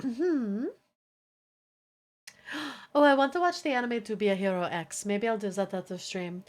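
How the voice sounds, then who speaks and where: A woman streamer in casual livestream chat, playful, crude and quick to swear at her chat. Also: fairly high pitch.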